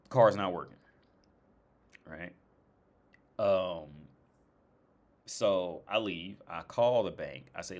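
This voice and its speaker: A young man from the States rants casually about his troubles, swearing freely and tripping over his own words. His voice sits fairly low, and he sounds fed up and sarcastic as he talks. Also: slow pace, long pauses. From United States. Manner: profane, exasperated storytelling with many restarts. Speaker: streamer. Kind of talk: casual rant.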